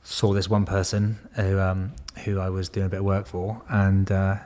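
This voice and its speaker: Bloke, low-ish voice, swears a lot telling old stories. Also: male voice, flat delivery, normal speed, darkish tone. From Bristol, England. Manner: swears freely, laughs through stories. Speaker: podcast guest, former Royal Marine. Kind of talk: casual storytelling.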